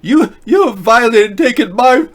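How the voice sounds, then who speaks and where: A man mocking a scolding teenage girl activist in a high, shouting voice. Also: lively intonation, normal speed. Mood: indignant. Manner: shouting, accusing.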